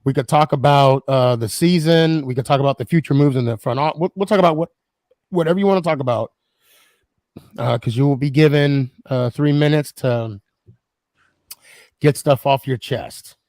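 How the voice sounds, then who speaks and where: A man's voice: mid-range voice, moderate pace, a little mellow, no echo. A man hosting a live podcast stream, chatting casually and laughing easily. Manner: laughs easily, friendly banter. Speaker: podcast host.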